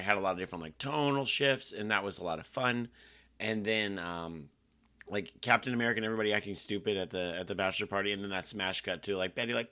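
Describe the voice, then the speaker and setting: A man's voice: on the low side, sharp tone. A man co-hosting a podcast in casual chat, blunt and swearing freely. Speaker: podcast co-host.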